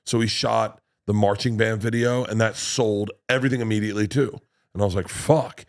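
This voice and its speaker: A comedian guest telling stories in casual podcast talk, animated, acting out quotes and swearing freely. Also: male voice, on the low side, fairly quick.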